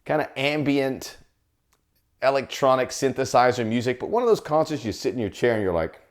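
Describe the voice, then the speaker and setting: A man's voice: mid-range voice, animated, fairly quick. A middle-aged man, a soccer broadcaster, talking in a jokey, chatty video monologue. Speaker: soccer broadcaster and podcast host.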